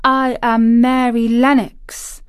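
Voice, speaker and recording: A woman reading aloud, voicing a startled but bold young girl in a higher, urgent voice. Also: level tone, slow pace, clean tone, no echo, studio quality. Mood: startled, eager.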